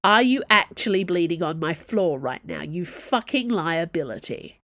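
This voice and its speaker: A blunt, foul-mouthed female fleet commander barks out her words, as a woman narrator puts her on in an audiobook. The voice sits low and the recording is close and dry. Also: lively intonation, moderate pace, fairly bright tone, dry recording, lo-fi sound. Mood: gruff. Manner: barking, blunt.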